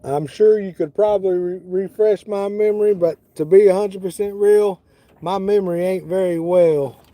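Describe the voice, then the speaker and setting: A man's voice: sits high, fairly even intonation, moderate pace, warm tone. A middle-aged man chatting casually on a fishing livestream, talking to viewers by name, outdoors on a boat on the water. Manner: laid-back, talks to viewers by name. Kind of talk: casual live-stream chat.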